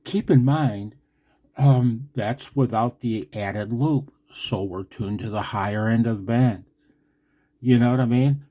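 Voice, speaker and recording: A man's voice: mid-range voice, slow, warm tone. A middle-aged man ranting in frustration about radio antennas, swearing and repeating himself. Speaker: ham radio vlogger. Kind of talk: heated rant to camera.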